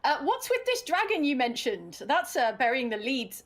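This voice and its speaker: A woman's voice: high-pitched, very animated, normal speed. A woman playing a tabletop game, talking in a brash, demanding way. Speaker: player.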